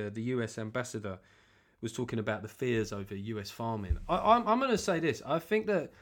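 A male comedian riffing through a podcast monologue at a mid-range pitch. He swears freely and jumps into self-mocking asides. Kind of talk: comic monologue.

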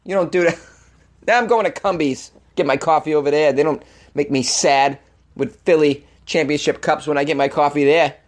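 A man's voice: a little high, normal speed, close to an everyday voice. A man voicing a brash, hot-headed sports fan with a Boston accent, ranting and swearing. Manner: ranting, swearing, laughing at himself. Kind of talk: comedy character rant.

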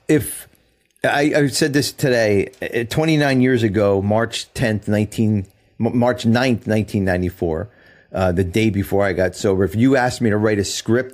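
A man's voice: on the low side, moderate pace, a little mellow. A middle-aged man, a guest in casual chat, talking earnestly with frequent restarts and easy laughter. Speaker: podcast guest.

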